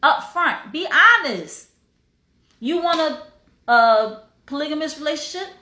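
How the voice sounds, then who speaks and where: A woman's voice: high voice, expressive, slow, bright, forceful tone, roomy sound. A woman hosting a casual livestream, talking in an emphatic, preachy way and sometimes breaking into song. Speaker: host.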